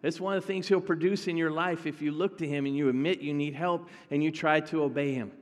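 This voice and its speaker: A man's voice: a little high, steady tone, brisk, in a large hall. A male pastor preaching a sermon in a conversational way, talking directly to his congregation.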